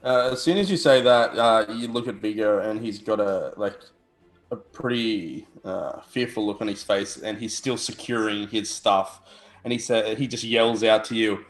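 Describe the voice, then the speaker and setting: A man's voice: lowish voice, moderate pace, echoey room. A man playing in a tabletop game, describing things casually and stumbling over words. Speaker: player. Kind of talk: casual chat.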